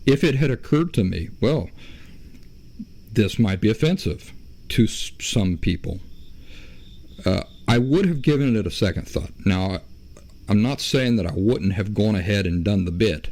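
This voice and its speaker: A man hosting a solo podcast, explaining his views in a measured way and often stopping to correct himself. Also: lowish voice, expressive, a little mellow. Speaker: podcast host.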